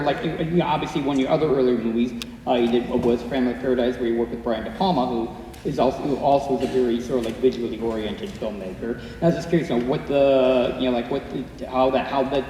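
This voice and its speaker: Fast, rambling man asking questions in a hall. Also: medium pitch, dark tone. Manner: rambling, full of "like" and "you know". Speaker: audience member asking questions. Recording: echoey hall from far off, faint room noise.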